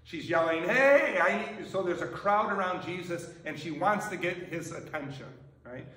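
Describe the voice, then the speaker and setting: A man preaching a sermon, chatty and conversational, often asking the congregation "right?". His voice sits a little high for a man. It is caught from far off in a reverberant church sanctuary. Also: moderate pace, pushed and bright. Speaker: pastor.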